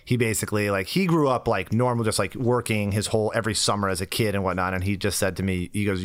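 A man's voice: fairly low pitch, quick pace, few pauses. A man guest on a podcast, talking casually in a rambling way with lots of fillers. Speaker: guest, sex toy company executive.

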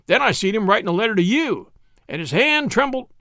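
A man's voice: high-pitched, very animated, brisk, pushed and bright, no echo, clean studio sound, voice pushed up, full character voice. Male reader playing an old country cobbler, teasing and folksy, rustic drawl, voice nudged up a bit.

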